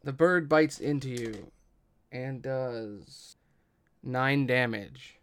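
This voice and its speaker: A man narrating as game master of a tabletop game, measured and deliberate, with the odd swear. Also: medium pitch, fairly bright tone, smooth.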